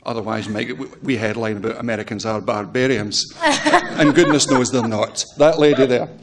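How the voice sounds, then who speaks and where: A man moderating a press conference in a dry, polite, brisk way. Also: mid-range voice, steady tone, background noise.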